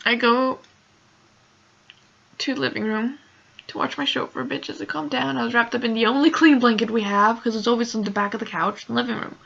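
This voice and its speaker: Young woman vlogger, upset and near tears, rambling, fry-heavy bright voice, muffled lo-fi audio. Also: on the high side. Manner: emotional, rambling, many "like" fillers. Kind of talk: casual storytelling vlog.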